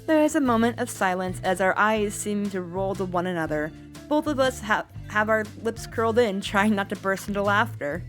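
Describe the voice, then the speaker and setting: A woman streamer reading a visual novel aloud in first person, with expressive, playful narration. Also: medium pitch, a little fast, faint music behind.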